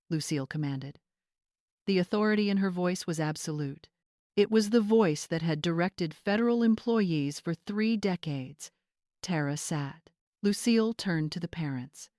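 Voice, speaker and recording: A woman narrating a family drama story in an even, measured manner. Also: lowish voice, dry recording, clean studio sound.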